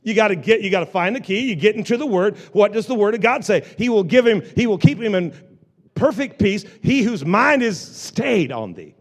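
A male pastor preaching a lively sermon to a live congregation, repeating phrases and joking with the people in the pews. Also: high voice, normal speed. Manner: animated preaching with repetitions and asides to the congregation.

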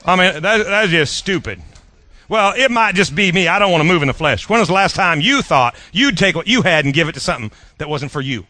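A middle-aged male pastor delivers an animated sermon with a bright, forceful tone. His voice sits a little high, and he jabs playfully while stumbling over repeated words. The sound is dry and close. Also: fairly quick, dry recording.

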